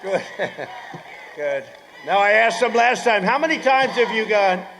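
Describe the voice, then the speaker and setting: A man in his seventies giving a rally speech, rambling through sarcastic asides, repeating phrases and breaking into shouts. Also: sits high, animated, a little slow, a faint crowd, slight background noise. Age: 70s. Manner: bursts into shouting. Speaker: politician addressing a rally.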